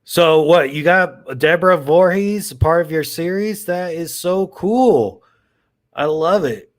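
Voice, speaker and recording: A man hosting a horror movie livestream, chatting casually with viewers in a rambling, excitable way and swearing now and then. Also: a little high, slow. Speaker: horror channel livestream host.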